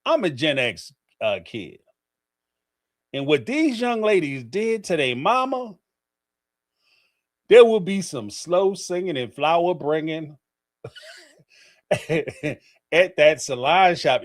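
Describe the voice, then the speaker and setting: A middle-aged man hosting a call-in livestream, giving casual, theatrical commentary with frequent laughter. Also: high voice. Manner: animated, theatrical, laughing storyteller.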